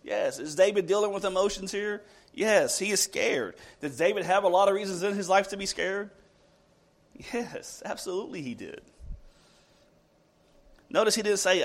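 A man preaching a sermon to a congregation, asking rhetorical questions and moving between loud emphatic lines and soft, slowed ones. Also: high voice.

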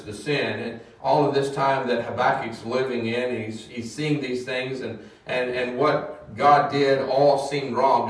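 Man teaching a Bible class, hesitant then animated; distant mic, very echoey room. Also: mid-range voice. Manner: hesitant with many fillers, grows animated.

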